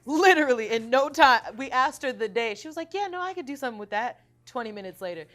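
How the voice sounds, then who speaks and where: A young adult woman singer-songwriter in a casual interview, telling stories with frequent laughter and reading her own lyrics aloud softly. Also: sits high, fast talker. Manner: animated storytelling, laughs often.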